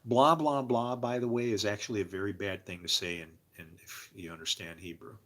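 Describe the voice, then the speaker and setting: Bright-voiced man rambling on a livestream. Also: on the low side, steady tone, a little fast. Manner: rambling, profane and confessional; talks to chat viewers by name. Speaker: livestream host. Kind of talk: casual livestream monologue.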